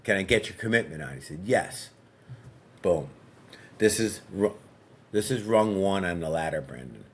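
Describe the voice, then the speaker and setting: Guy with a really low voice chatting on a podcast, laid back storyteller, lots of ums and restarts. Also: normal speed, slightly rough. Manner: relaxed storyteller who acts out dialogue; frequent fillers and restarts. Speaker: podcast guest, fitness coach. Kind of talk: conversational storytelling.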